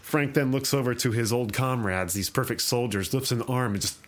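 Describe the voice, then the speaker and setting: A man's voice: medium pitch, a little fast, background noise. Long-winded man retelling a comic. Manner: long-winded, animated storytelling. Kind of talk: casual chat.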